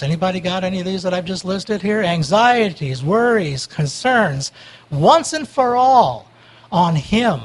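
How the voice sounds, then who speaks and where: A man preaching a sermon, emphatic and swinging between loud urging and quiet pleading prayer. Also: sits high, lively intonation, a little slow, rough recording.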